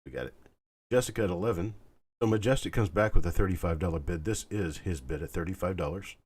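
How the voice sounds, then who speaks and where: A man hosting a live online coin auction, calling bids in a calm, soothing, unhurried way. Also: deep voice, husky. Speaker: auctioneer host.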